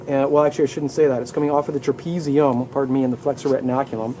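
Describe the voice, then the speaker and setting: A man's voice: mid-range voice, flat delivery, very fast, mellow, a little hiss or hum, low-quality recording. A man teaching anatomy in a live classroom lecture, upbeat, leading students through muscle names and asking them to repeat terms aloud. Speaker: anatomy instructor.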